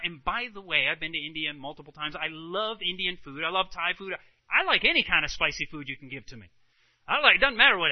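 A man speaking as a Christian health speaker, telling animated personal anecdotes to a live audience and tossing in rhetorical "right?" asides. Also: high-pitched, no echo, lo-fi sound. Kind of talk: storytelling talk to a live audience.

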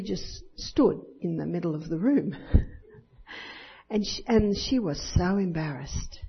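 An older Christian speaker gives a sermon in a low, husky, animated voice, speaking a little slowly. She shares personal stories and acts out voices of children and others, all on a dull lo-fi recording.

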